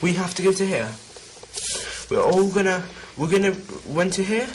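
A man's voice: sits high, expressive, moderate pace, a little hiss or hum, rough recording. A young man joking around in an amateur comedy video, teasing and laughing as he lays out a mock plan.

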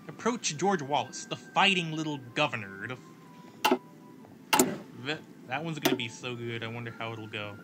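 A man's voice: medium pitch, noisy background. A man casually commenting as he plays a strategy game, thinking aloud about his next moves. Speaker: gameplay commentator and story narrator.

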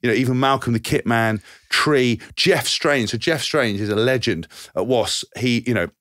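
A man's voice: mid-range voice, moderate pace, dry recording, studio quality. A man in his thirties, a podcast co-host and former rugby player, telling stories with lots of laughing, swearing and imitating people. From England. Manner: animated storyteller who mimics others, laughs often, swears casually. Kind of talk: casual anecdote telling.

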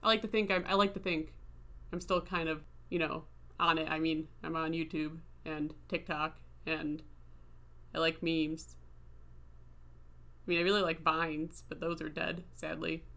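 A woman's voice: deep voice, flat delivery, measured pace, a bit bright. A woman in her thirties telling a rambling, self-deprecating story as a casual vlog voice-over. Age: 30s. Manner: chatty, self-deprecating, laughs while talking. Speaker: video creator.

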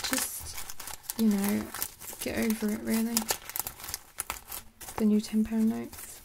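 A woman chatting in a soft, rambling way for ASMR, moving between quiet speech and whispers and making jokes. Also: on the high side, vocal fry, noisy background. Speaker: ASMR creator.

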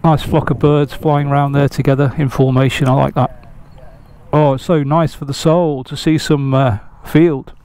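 A man's voice: mid-range voice, level tone, moderate pace, darkish tone. An older man, chatting casually outdoors beside his motorbike in a rambling, self-deprecating way. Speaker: motorcycle vlogger. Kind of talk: casual vlog chat.

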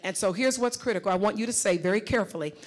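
A woman leading a live workshop on a conference stage, giving emphatic, direct instructions and calling on the audience. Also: medium pitch. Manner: emphatic, repeats words in quick bursts. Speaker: workshop facilitator. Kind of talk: live coaching session on stage.

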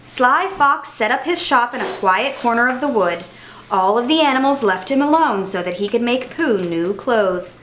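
A woman storyteller reading a children's storybook aloud in an expressive manner. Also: on the high side, slight background noise. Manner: animated, expressive.

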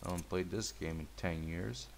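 A man's voice: low voice, normal speed, gravelly, slight background noise. A man giving casual gameplay commentary, laid-back and mumbly, trash-talking and swearing at the game.

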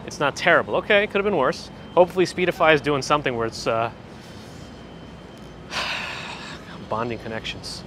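A man with a somewhat high, slightly bright voice hosts a livestream while walking city streets, speaking at a moderate pace with frequent pauses. He chats casually and reads viewer comments aloud perkily. Street traffic makes the handheld phone gimbal mic audio noisy.

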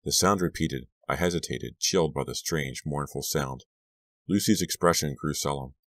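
A man narrating a scary audiobook in a measured, hushed storytelling manner, lifting his voice for the dialogue. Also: extremely low pitch, dry recording. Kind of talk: scripted narration.

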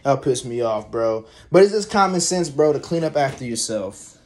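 A man's voice: medium pitch, lively intonation, normal speed, darkish tone. A young man venting in a casual, rambling monologue, swearing freely and sounding fed up. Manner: profane, rambling, exasperated. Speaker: vlogger.

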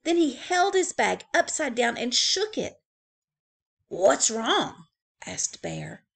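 A woman librarian reading a picture book aloud for young children. She takes it slowly and swings her pitch widely, with playful asides to the kids. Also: huge pitch swings, vocal fry, a bit bright. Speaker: school librarian.

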